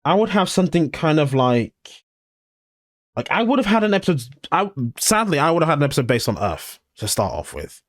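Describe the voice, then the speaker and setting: A man's voice: a little high, sing-song, brisk, no echo, studio quality. A man co-hosting a podcast in casual review chat, blunt and swearing, often acting out imagined scenes. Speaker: podcast co-host.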